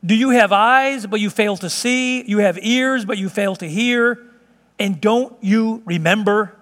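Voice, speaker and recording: A man's voice: sits high, a little slow, a bit bright, in a large hall. A man voicing an exasperated adult male teacher who fires incredulous rhetorical questions at his followers. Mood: pleading.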